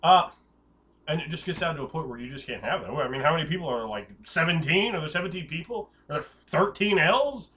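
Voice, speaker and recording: A man giving tabletop game master advice in an excitable, hyperbolic way, rambling with restarts and jokey tangents. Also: on the high side, brisk. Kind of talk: casual advice talk.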